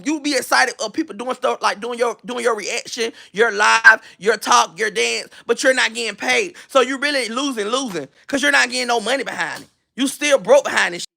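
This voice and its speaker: A man's voice: very high-pitched, vocal fry, sharp tone. A man hosting a gossip channel, delivering a blunt, profane, mocking rant that loops back on its own phrases. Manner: repeats and restarts phrases while searching for a video. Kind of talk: ranting gossip commentary.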